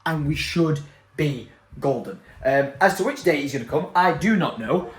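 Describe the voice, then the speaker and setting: Guy in his 30s vlogging, chatty and jokey, voice bouncing all over. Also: brisk. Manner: chatty and jokey, lively swings in pitch. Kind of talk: casual vlog chat.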